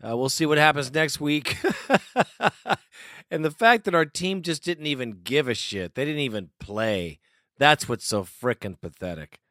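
A man's voice: mid-range voice, moderate pace, a bit bright, no echo. Laid-back male show host, dry sound. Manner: laid-back, laughs, introduces callers. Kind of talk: casual radio talk.

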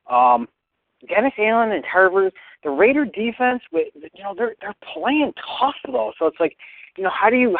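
A high, gravelly man rambles through a fan voicemail, his pitch jumping up and down as he gripes. The line is thin and phone-like, with a dry, close sound. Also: no room sound. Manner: rambling, filler-heavy griping. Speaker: fan caller.

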